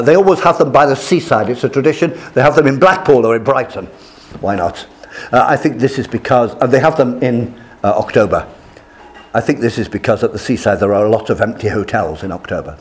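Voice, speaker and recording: An older man giving a classroom lecture, telling stories and acting out the people he quotes. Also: medium pitch. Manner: lively, storytelling, acts out quoted voices.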